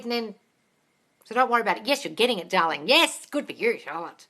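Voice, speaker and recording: Bright, chatty woman host. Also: high voice, fairly quick. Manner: chatty and animated, swears freely, laughs often. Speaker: manifestation coach, live Q&A host. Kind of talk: casual live-stream chat.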